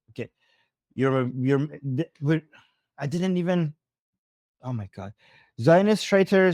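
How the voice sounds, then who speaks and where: A man's voice: a little high, a little mellow, no room sound, clean studio sound. A man with a Persian accent giving casual live commentary on videos, thinking aloud with frequent restarts and self-corrections.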